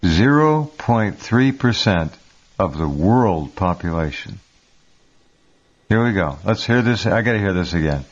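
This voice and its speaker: Radio host, low and lively, exclamatory; muffled lo-fi sound. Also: male voice, measured pace. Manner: incredulous, exclamatory. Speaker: radio talk show host. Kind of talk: talk radio commentary.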